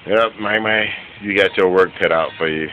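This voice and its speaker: A man filming his dogs at home on a handheld camera, giving an excited, laughing, profane running commentary that turns quieter near the end. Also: normal speed, narrow, tinny audio, soft background music. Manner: quieter and lower toward the end. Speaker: dog owner filming his pets. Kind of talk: casual home video commentary. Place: room in a home with a bed.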